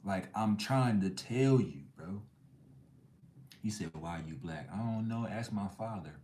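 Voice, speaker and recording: A man's voice: on the low side, unhurried, a little mellow, reverberant. A man hosting a live chat stream, ranting bluntly in heavy slang. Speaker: livestream host.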